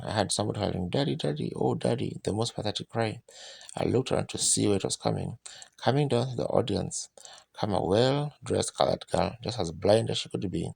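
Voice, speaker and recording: A folksy preacher tells a long personal story in plain, colloquial speech, acting out moments as he goes. His voice is low and heavily gravelly, with a husky edge. The sound is dry and close. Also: dry recording. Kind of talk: sermon storytelling.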